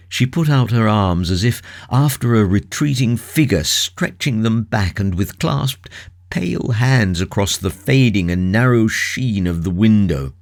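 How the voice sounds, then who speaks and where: A man narrating a classic novel as an audiobook, measured, grave and dramatic in first person. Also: fairly low pitch, expressive.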